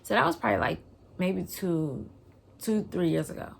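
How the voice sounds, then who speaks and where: A woman vlogger, casually telling a personal story in an animated way and getting loud when she relives the scene. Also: lowish voice, moderate pace, vocal fry, slight background noise.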